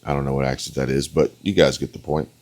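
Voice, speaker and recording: A man with an extremely low, deep voice talks through a debate clip in an opinionated, meandering way. He keeps tossing in "okay?" to drive each point home. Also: fairly even intonation, fast talker, a little mellow. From United States. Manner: opinionated, rambling, punctuates with "okay?". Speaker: online political commentator. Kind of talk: reaction commentary on a debate clip.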